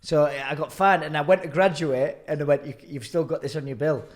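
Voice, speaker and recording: A man's voice: fairly high pitch, steady tone, fairly quick. A man hosting a casual podcast, telling stories with swearing and laughter. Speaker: podcast host. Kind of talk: casual chat.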